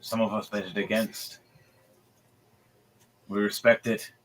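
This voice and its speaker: A man playing a circle of aloof wizards from a tabletop game. They speak low, quiet and measured, with grudging respect. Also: flat delivery, a little hiss or hum, poor audio.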